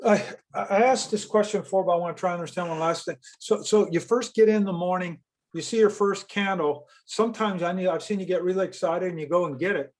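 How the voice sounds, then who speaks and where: A man's voice: sits high, a little fast. A man asking questions in a casual session, often stumbling and repeating words as he starts.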